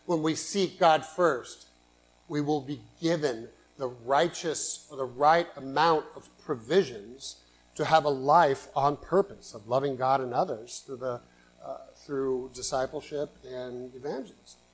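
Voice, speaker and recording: A man preaching a sermon in earnest, swinging between loud emphatic bursts and quiet asides. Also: medium pitch, a little slow, rough recording. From San Francisco Bay Area, USA. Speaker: pastor.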